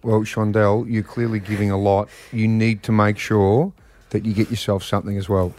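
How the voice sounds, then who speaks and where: A man's voice: on the low side, flat delivery, normal speed, a little mellow. A man hosting a radio show, encouraging and upbeat as he chats with a prize winner. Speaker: radio host.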